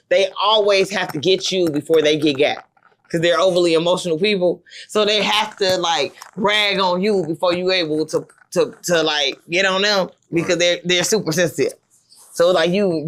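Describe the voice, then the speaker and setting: A woman's voice: fairly low pitch, a bit bright. A woman in her thirties hosting a podcast, telling rambling stories with lots of fillers in casual chat. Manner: rambling, storytelling with many fillers. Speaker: podcast host.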